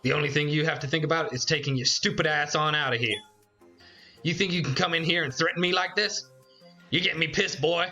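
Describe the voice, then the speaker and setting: A man voicing a gruff, scornful male trucker in a video game, reading his lines in a mocking, confrontational way. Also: on the high side, brisk, sharp tone, dull audio, faint music behind. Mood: hostile.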